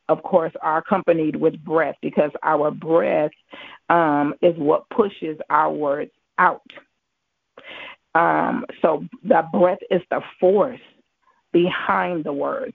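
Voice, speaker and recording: A man giving a Bible teaching as a preacher, halting with many ums and restarts. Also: fairly high pitch, creaky, husky, no echo. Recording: tinny phone-like line, dry.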